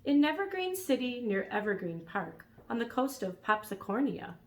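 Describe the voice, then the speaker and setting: A woman reading a storybook aloud, voicing an eager nine-year-old boy in a high, bright voice. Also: big pitch swings, moderate pace.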